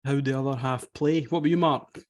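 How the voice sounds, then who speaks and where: A man's voice: medium pitch, steady tone, fairly quick, darkish tone. A man, hosting a casual golf podcast with dry, teasing banter. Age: 40s. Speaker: podcast host. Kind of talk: casual chat.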